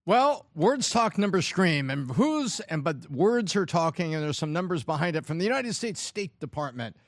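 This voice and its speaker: Measured man panelist, dry sound. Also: fairly high pitch, very animated, dry recording. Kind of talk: talk-show commentary.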